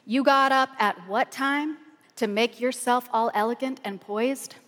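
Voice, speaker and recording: A woman pastor preaching with an animated, excited, chatty way of telling funny stories from the pulpit. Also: fairly high pitch, measured pace. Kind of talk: humorous sermon storytelling. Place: large church auditorium. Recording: long reverb of a large hall.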